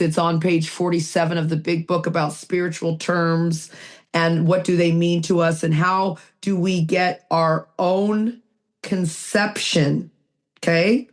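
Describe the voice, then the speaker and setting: Woman, podcast co-host, low-pitched, emphatic, rhetorical questions, repeats herself. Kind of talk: recovery podcast talk. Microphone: video call mic.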